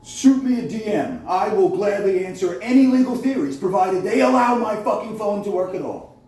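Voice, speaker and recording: A man's voice: sits high, lively intonation, moderate pace, a little mellow. A man delivering a heated, profane, accusatory monologue to camera, recorded on a phone. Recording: very echoey room, voice far from mic, faint noise.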